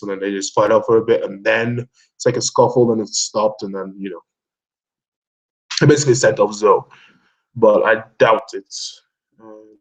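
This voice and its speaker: A young man in casual chat about comic chapters, excitable and swearing, laughing often as he quotes characters. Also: fairly low pitch, low-quality recording. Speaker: manga discussion host.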